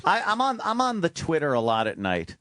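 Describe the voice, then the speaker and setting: A man's voice: on the high side, huge pitch swings, brisk, bright, forceful tone, dry recording, clean studio sound. A man hosting a radio show in casual chat, wry and profane, joking about himself. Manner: profane, wry, self-mocking.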